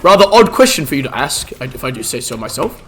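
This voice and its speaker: A man's voice: medium pitch, very animated, quick pace, slightly rough. A man voicing a polite, flustered old wizard while streaming a game, stammering and speaking in formal old-fashioned phrases.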